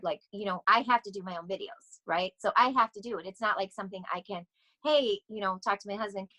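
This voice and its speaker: A woman's voice: medium pitch, brisk, poor audio. Chatty, laughing woman vocal coach. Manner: rambling, animated, laughs often. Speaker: podcast guest, vocal coach. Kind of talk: casual interview chat.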